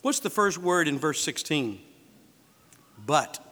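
A man's voice: a little high, very animated, slow, pushed and bright. A man preaching a sermon as pastor, asking rhetorical questions and acting out the voices he quotes. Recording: reverberant hall.

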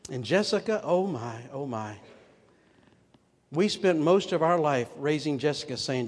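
A man's voice: a little high, animated, moderate pace, a little mellow, slight background noise. Older man preaching in an echoing hall. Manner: earnest, with rhetorical questions to the audience. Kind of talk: sermon. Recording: long hall reverb.

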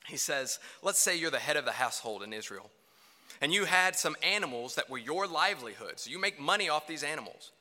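A man preaching a sermon to a congregation, emphatic, swinging between loud declarations and hushed lines. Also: a little high, animated, brisk. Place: church hall. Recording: reverberant hall.

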